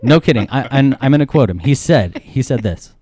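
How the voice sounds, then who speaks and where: A man, a podcast guest, telling a story in an animated, joking way. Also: medium pitch, fairly quick, a little hiss or hum. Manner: animated, jokey, acts out quotes. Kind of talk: casual storytelling.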